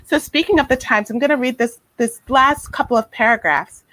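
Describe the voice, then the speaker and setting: A woman with a fairly high voice talks gently and reflectively as a guest therapist. She is on a video call with a dry, close sound, and she often restarts her sentences around soft fillers. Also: a little fast, no echo, low-quality recording. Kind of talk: casual interview talk.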